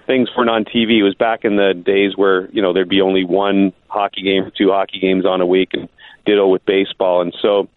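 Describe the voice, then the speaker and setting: A man's voice: deep voice, little pitch movement, fairly quick, no room sound. A male sportscaster calling into a podcast as a guest and telling a story with jokes. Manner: joking storyteller. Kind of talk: phone-in podcast chat. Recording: tinny phone line.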